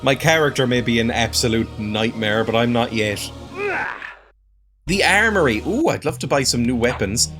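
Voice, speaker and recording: Male let's-play host, dry and sarcastic, mid pitch, soft music behind. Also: expressive, moderate pace. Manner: wry, sarcastic and chatty. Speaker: gameplay video host.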